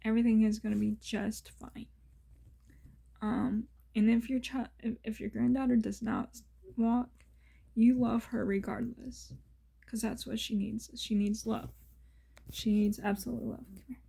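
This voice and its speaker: A woman's voice: fairly high pitch, flat delivery, measured pace, creaky, warm tone, breathy edge. A woman vlogger telling personal stories in an earnest, emotional way, often dropping to a whisper. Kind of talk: casual personal storytelling.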